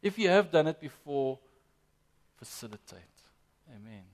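A man preaching a sermon as pastor, emphatic and lively, often addressing the congregation directly. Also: a little high, unhurried. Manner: lively, emphatic preaching with frequent "guys" and "amen".

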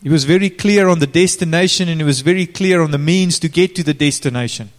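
A man's voice: a little high, quick pace. A man preaching a sermon in an informal way, turning to the congregation with direct questions. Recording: long reverb of a large hall.

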